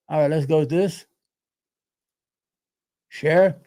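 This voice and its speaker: A man's voice: on the high side, slow, pauses often, warm tone, no echo. A man hosting a live-stream show, reading out news headlines and commenting on them in a heated, profane and sarcastic way. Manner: mutters to himself between headlines.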